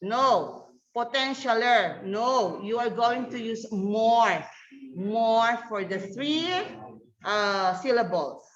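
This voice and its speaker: A woman's voice: on the high side, slow pace. A woman teaching an online grammar lesson, patiently calling on students by name over a video call. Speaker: English teacher. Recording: echoey, dull lo-fi room sound.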